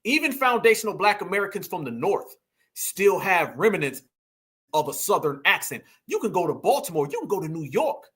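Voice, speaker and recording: Here the reaction-stream host, a man with a bright, high-pitched voice, has a sing-song lilt and a moderate pace. He speaks straight to his chat in loose slang, emphatic throughout, needling the clips he plays with pointed rhetorical questions.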